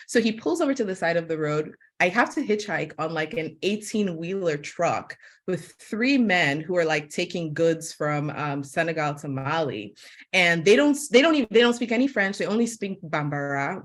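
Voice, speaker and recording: A woman from Sierra Leone with an American accent tells a personal story on a webinar panel. She speaks in an animated, chatty way and fills her sentences with "like." Her voice sits a little low for a woman. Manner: animated storyteller, many "like" fillers. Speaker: webinar guest, media host.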